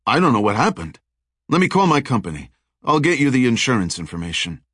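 A man's voice: medium pitch, very animated, fairly quick, fairly bright tone, breathy edge, no echo, studio quality, pitched above the performer's own voice. A man voicing a sly male con man who talks in a breezy, falsely reassuring way.

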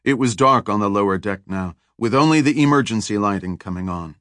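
A man narrating a thriller audiobook in a steady, even reading. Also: lowish voice, a little fast, no room sound, clean studio sound.

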